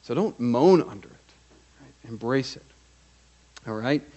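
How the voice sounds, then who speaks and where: A man's voice: animated, unhurried, muffled recording. Male pastor delivering a sermon, earnest and direct, mid-range voice. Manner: earnest, direct address with frequent "right?" check-ins; swings from emphatic raised delivery to quiet, low asides.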